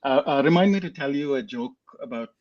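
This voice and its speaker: Animated Indian-accented man, dull audio. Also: mid-range voice, fairly quick. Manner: animated storyteller, frequent restarts and laughs. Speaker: guest. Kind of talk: casual chat, telling a life story.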